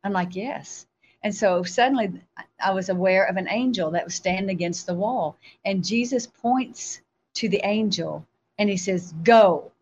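A woman, a guest on a show, telling a spiritual testimony in an animated storytelling way, acting out her own replies. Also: medium pitch, normal speed, highs cut off, a little hiss or hum.

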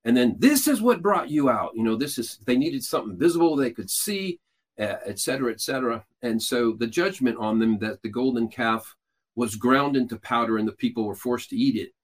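Male host, mid-pitched, rambling explainer with many restarts. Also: brisk. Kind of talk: casual teaching talk.

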